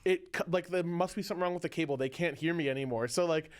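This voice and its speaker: A man's voice: fairly high pitch, fast talker, smooth. A man hosting a casual chat, laid-back and self-deprecating, laughing along as he talks. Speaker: host and pro player.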